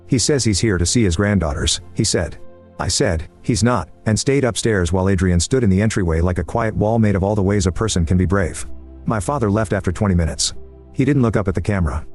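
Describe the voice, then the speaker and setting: Reading a first-person story from a script, this male narrator keeps things steady, brisk and even, using dry similes along the way. His register is slightly low, and faint background music accompanies him.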